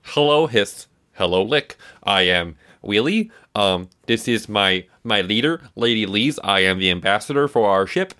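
A man's voice: on the low side, animated, a little slow, hardly any pauses, pushed and bright. A man voicing an earnest, eager ambassador character who rambles politely in a tabletop game. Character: earnest, eager young ambassador rock creature.

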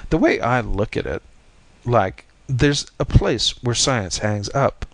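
A man's voice: mid-range voice, expressive, slow pace, a little hiss or hum. A man reading as a young bearded beatnik poet-repairman, cocky and slangy, with a self-assured drawl. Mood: solemn musing.

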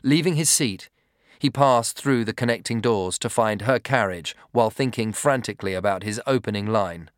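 A man reading a story aloud in a measured storytelling manner. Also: on the low side, no echo, clean studio sound. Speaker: narrator. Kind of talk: scripted narration.

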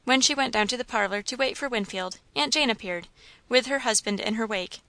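Bright-voiced woman reading a novel. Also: on the high side, brisk, dry recording. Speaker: audiobook reader. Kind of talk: scripted narration of a novel.

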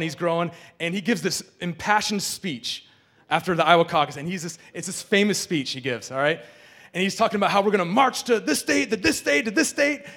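A man in his thirties giving a candid personal talk to an audience, animated and full of restarts. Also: on the high side.

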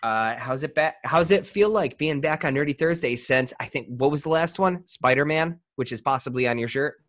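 A man's voice: fairly high pitch, moderate pace, fairly bright tone. A young man hosting a casual podcast, joking, laughing and swearing with friends. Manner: laughing, joking, profane banter. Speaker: podcast host.

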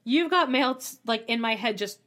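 A woman co-hosting a podcast in casual chat, animated and laughing often, acting out quotes in exaggerated voices and swearing freely. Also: a little high, normal speed. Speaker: podcast co-host.

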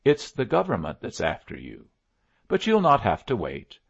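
A man reading an audiobook, voicing a plainspoken adult male Western lawman in a gravelly voice. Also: medium pitch, wildly swooping pitch, normal speed, highs cut off, pitched above the performer's own voice, exaggerated voice. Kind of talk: audiobook character voice.

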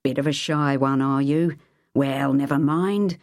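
A man's voice: medium pitch, fairly even intonation, unhurried, no echo, studio quality, natural voice. A woman voicing a breezy young male nurse. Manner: light, falsely jocular. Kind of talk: audiobook character voice.

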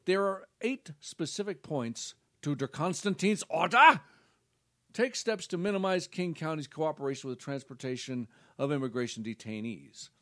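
A man's voice: on the high side, lively intonation, moderate pace, pushed and bright. A man co-hosting a casual talk show, reading news items aloud with sarcastic asides. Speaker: co-host.

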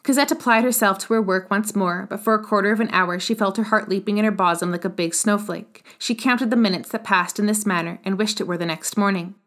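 Lady reading an old novel aloud, steady and measured, normal pitch. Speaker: audiobook narrator. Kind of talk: scripted narration of a classic novel.

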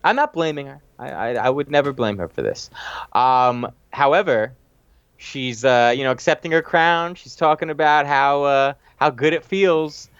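Excited man, dull dry recording. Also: medium pitch, moderate pace, smooth, dry recording. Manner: enthusiastic, rambling with restarts. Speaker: podcast co-host. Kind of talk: casual chat recapping a TV episode.

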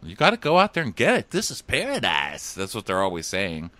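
A man chatting casually as a podcast co-host with a very bright, sharp tone. His pitch swings widely as he recaps and slips into voices. The sound is dry and close. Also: brisk, dry recording. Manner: animated, does voices, laughs often. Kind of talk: casual chat, recapping a reality show.

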